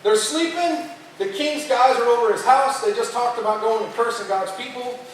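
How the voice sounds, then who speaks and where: High-voiced casual camp preacher. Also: male voice, normal speed, a little hiss or hum. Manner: slangy, chatty, acts out characters. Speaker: youth camp speaker. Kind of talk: casual storytelling sermon. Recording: echoey hall, far from mic.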